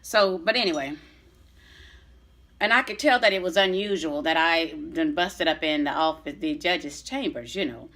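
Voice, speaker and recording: A woman's voice: sits low, moderate pace, a bit bright. A middle-aged woman telling a long personal story to her viewers in a blunt, chatty way, swearing freely and often restarting her sentences. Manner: blunt, profane, chatty retelling with many restarts. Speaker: vlogger. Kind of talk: casual storytelling to camera.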